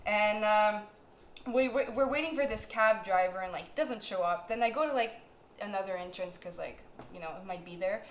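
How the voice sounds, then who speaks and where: A woman's voice: medium pitch, moderate pace. Young woman podcast co-host, chatty and laughing, echoey room recording. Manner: animated, laughing storyteller full of "like". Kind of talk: casual storytelling chat. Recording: echoey room, faint noise.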